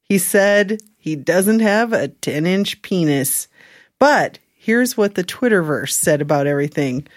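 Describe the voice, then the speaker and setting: A woman's voice: lowish voice, lively intonation, measured pace, no echo, clean studio sound. Chatty woman reading a news story. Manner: chatty, laughs at own reading. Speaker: podcast co-host.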